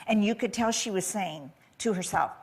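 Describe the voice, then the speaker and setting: A woman's voice: medium pitch, normal speed, husky. An older woman telling heartfelt family stories as a talk-show guest, choking up as she speaks. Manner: tearful, chokes up. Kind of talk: emotional talk-show storytelling.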